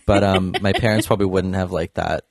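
A man's voice: deep voice, steady tone, a little fast, no echo. A man chatting casually and rambling a little, with many fillers. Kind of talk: casual chat.

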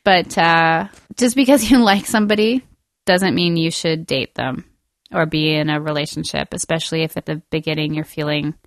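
A woman's voice: low-pitched, fairly even intonation, moderate pace, dry recording, clean studio sound. Laughing young woman co-hosting a podcast. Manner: joking, laughs mid-sentence. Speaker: podcast co-host. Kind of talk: casual comedy podcast chat.

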